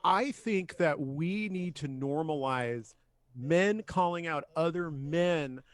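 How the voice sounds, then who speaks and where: A man's voice: on the high side, slow, clear, resonant tone. A man co-hosting a podcast in casual chat, rambling with frequent restarts and swearing. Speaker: podcast co-host.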